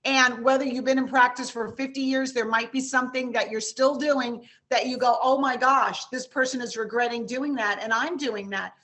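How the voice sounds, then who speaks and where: A woman from New York with a New York accent, hosting a webinar and wrapping it up in a brisk, chatty, enthusiastic way over a video call. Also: on the high side, fairly even intonation, a bit bright. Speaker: webinar host. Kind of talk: casual webinar wrap-up.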